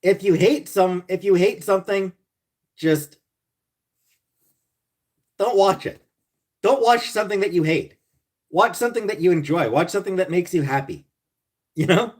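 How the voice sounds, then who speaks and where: A man hosting a casual livestream, reading viewer comments and answering bluntly and profanely, with sarcastic jokes, sometimes muttering low and sometimes ranting loudly. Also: normal speed, long pauses. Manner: blunt and profane, swinging between mutters and loud rants. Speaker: livestream host.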